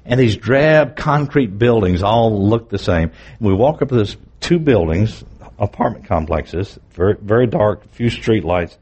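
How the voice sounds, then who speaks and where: A man's voice: on the low side, expressive, unhurried, a little mellow, slightly rough. A man preaching who tells a personal testimony in an earnest, vivid way with candid asides.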